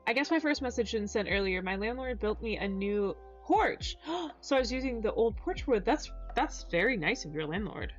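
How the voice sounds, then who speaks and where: A woman's voice: fairly high pitch, big pitch swings, moderate pace, dull audio, faint music behind. A woman live-streaming and chatting casually with her chat, reading messages aloud and stumbling over hard names.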